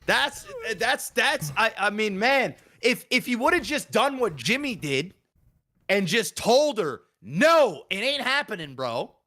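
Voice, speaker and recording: A man in casual podcast chat, his voice pitched high and swinging widely as he talks. He is animated and profane, acting out his reactions as he goes, with a bright, sharp tone. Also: a little slow. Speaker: podcast co-host.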